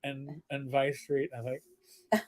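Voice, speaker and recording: A man's voice: medium pitch, level tone, measured pace. A middle-aged man co-hosting a casual livestream, telling rambling, joking stories with frequent restarts. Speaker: co-host.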